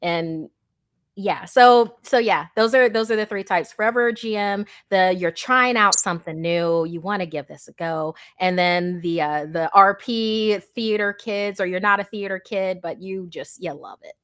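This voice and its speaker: A woman's voice: mid-range voice, measured pace, clean tone. Enthusiastic woman, casual interview chat. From USA. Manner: enthusiastic, animated, repeats words when starting. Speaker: dungeon master guest.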